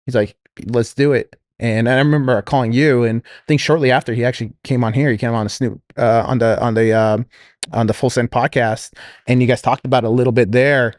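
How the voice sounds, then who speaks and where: On a podcast, a man with a mid-range voice tells a business story in a brisk, casual way, rambling with fillers and restarts. He quotes other people in lively voices, and the recording is dry.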